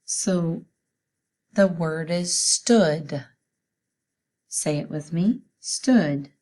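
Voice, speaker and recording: A woman teacher giving a spelling lesson for children, sounding out each letter slowly and patiently. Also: low-pitched, lively intonation, dark tone.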